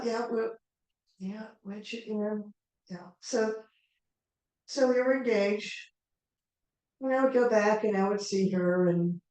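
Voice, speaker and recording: Woman storyteller at a live show, soft mellow voice, talking it through in character, lots of room echo, mic kinda far. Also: mid-range voice. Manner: unhurried, conversational, with asides to the audience. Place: live performance venue. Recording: echoey hall, mic far off.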